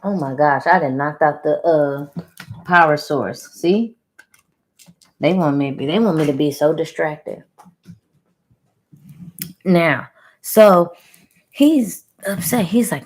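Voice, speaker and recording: A woman with a fairly low voice tells a channeled story to her viewers in loose, chatty talk. She keeps it conversational and playful, with sound-effect words tossed in along the way. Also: slow, pauses often, a little mellow. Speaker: spiritual reader telling a channeled story.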